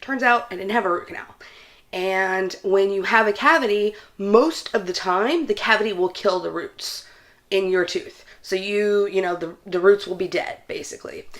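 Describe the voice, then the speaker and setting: A woman book vlogger chatting casually to her viewers, telling a story in an animated way and laughing between phrases. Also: medium pitch, moderate pace. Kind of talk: casual vlog chat.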